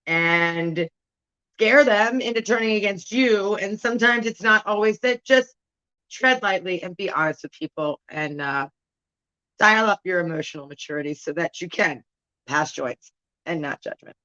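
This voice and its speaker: Laid back woman cohost tossing quick quips, dry dull sound. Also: fairly low pitch, no echo. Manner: relaxed, short quips. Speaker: podcast co-host. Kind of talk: casual chat.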